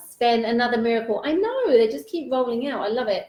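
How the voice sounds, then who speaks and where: A woman's voice: on the high side, expressive, a little fast, hardly any pauses, warm tone. A woman hosting a live interview, gushing and effusive, reading out viewer comments in a casual, swearing-friendly way. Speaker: host. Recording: echoey room.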